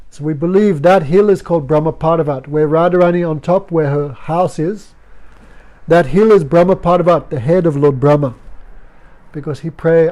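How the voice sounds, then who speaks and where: A man's voice: a little high, mellow. A man teaching a devotional class, speaking simple, broken English and chanting verses. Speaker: spiritual teacher.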